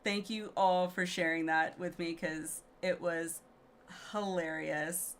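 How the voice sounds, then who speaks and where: A woman's voice: on the low side, fairly even intonation, slow pace, fairly bright tone, a little hiss or hum. A young woman streamer chatting casually over her gameplay, giggly and rambling with lots of fillers. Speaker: game streamer. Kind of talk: casual let's-play commentary.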